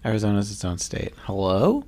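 Man, podcast co-host, animated pitch, playful, jokey, casual chat. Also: moderate pace. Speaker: podcast co-host listening and reacting.

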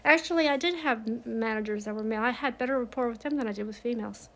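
A woman's voice: fairly high pitch, quick pace, fairly bright tone. A grieving woman speaking frankly and confidingly in a personal monologue, with emphatic bursts.

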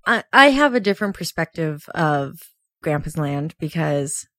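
A woman's voice: sits low, very animated, a little slow, a bit bright, no room sound, clean studio sound. A young woman co-hosting a podcast in casual chat, emotional and laughing often as she talks. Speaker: podcast co-host.

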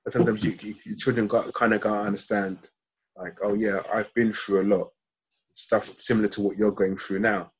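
A man talking casually on a podcast, halting and often repeating words. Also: lowish voice, little pitch movement, slightly rough.

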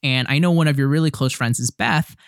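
A young man co-hosting a podcast, telling stories in an animated way and acting out other people's lines. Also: fairly high pitch, brisk, vocal fry, clear, resonant tone, no echo, clean studio sound. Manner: animated storyteller, acts out friends' voices. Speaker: podcast co-host. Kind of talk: casual podcast chat.

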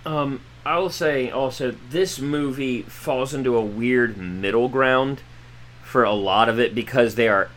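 A man joins a relaxed podcast conversation with a measured aside. His voice sits at an ordinary, middle pitch. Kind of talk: casual chat.

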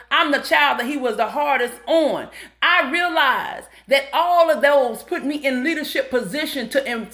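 A woman's voice: sits high, sharp tone. A middle-aged woman giving a preachy motivational talk, calling out to listeners as y'all and honey. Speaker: motivational speaker.

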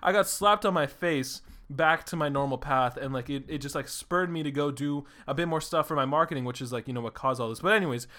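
A young man hosting a solo podcast who talks in an excited, rambling way, swears freely and fills his talk with "like". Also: fairly high pitch, a little fast, few pauses. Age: young adult. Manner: excitable, rambling, swears a lot, says "like" often. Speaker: podcast host. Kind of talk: casual solo podcast monologue.

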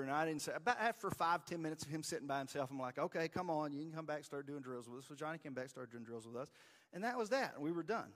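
Pastor telling a story in a long-echo sanctuary. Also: male voice, fairly high pitch, a bit bright. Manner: casual, self-deprecating storytelling. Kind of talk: conversational sermon. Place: church sanctuary.

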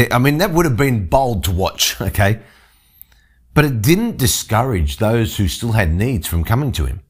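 A man preaching a sermon, reading scripture aloud and explaining it verse by verse. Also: lowish voice. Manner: expository, reads scripture then explains. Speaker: pastor. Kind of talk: sermon teaching.

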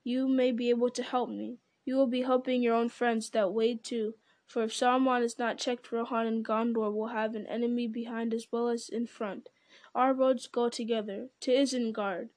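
A woman voicing an ancient, slow and grave male tree-giant in a storybook reading, speaking in a solemn, deliberate way. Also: fairly high pitch, level tone, a little mellow, no echo, close to an everyday voice.

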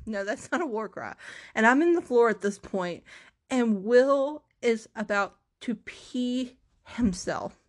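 A woman's voice: on the high side, animated, slow. Self-mocking woman telling a dramatic story. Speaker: vlogger. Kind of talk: casual storytelling to camera.

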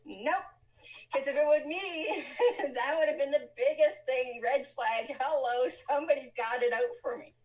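A woman with a high-sitting, unhurried voice tells her life story as a guest in a casual chat, captured by a distant mic. She's lively, laughs often, and acts out the lines of the people in her story.

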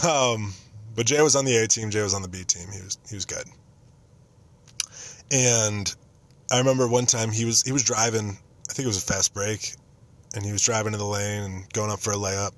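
A man's voice: on the low side, moderate pace, long pauses, a bit bright. A young man hosting a podcast, telling casual stories about a friend with self-mocking jokes. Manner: self-mocking, joking, nostalgic. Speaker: podcast host. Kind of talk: casual storytelling monologue.

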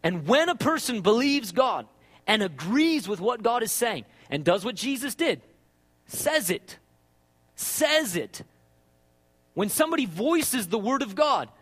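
Male preacher, high voice, wide swooping pitch, long hall reverb, conversational sermon. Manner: animated, conversational, asks "right?" often.

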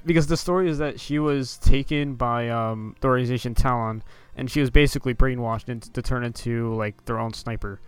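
A man's voice: mid-range voice, steady tone, fairly quick, hardly any pauses, clean tone, dry recording, soft background music. A young man on a casual gaming podcast, speaking hesitantly with many ums and restarts.

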